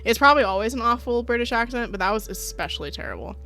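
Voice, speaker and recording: A woman's voice: fairly high pitch, rapid-fire, few pauses, sharp tone, faint music behind. A woman streaming a visual novel, reading it aloud with playful, giggly commentary. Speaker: gaming streamer.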